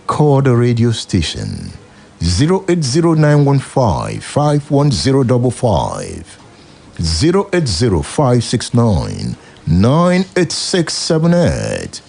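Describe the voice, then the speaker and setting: A man's voice: fairly high pitch, vocal fry, a little mellow, husky. A Nigerian man hosting a radio show, giving emphatic, preachy commentary full of rhetorical questions.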